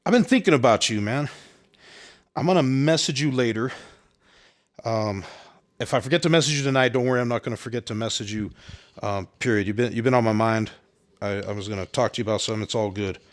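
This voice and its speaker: A man's voice: mid-range voice, quick pace, long pauses. A man streaming a video game late at night, chatting casually and rambling, slightly out of breath with audible heavy breathing. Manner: chatty, rambling, repeats phrases. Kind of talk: casual live-stream chat.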